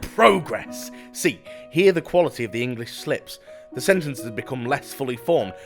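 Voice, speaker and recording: A man's voice: medium pitch, lively intonation, fairly quick. A man narrating a scambaiting story in a dry, sardonic, scripted comedic style over faint music.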